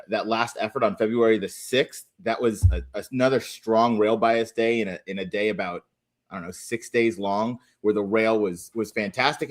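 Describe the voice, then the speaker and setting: A man appearing as a guest on a racing podcast, thinking aloud as he breaks down the races and hedges his opinions. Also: medium pitch. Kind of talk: casual analytical chat.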